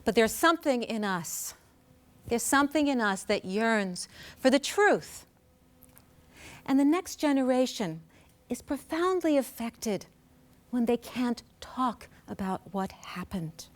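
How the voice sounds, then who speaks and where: A woman poet introducing her poems on stage in an earnest, measured way with deliberate pauses. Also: fairly high pitch, lively intonation. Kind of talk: spoken introduction at a poetry performance. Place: live performance on stage.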